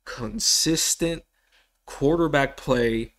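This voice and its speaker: Slow, rambling male podcast host. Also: on the high side. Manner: rambling, restarts often, animated bursts of excitement. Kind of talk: casual solo sports podcast.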